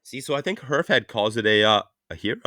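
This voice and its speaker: A man's voice: mid-range voice, lively intonation, fast talker, pushed and bright, dry recording, studio quality. A Canadian man hosting a casual chat, joking and swearing freely. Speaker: podcast host.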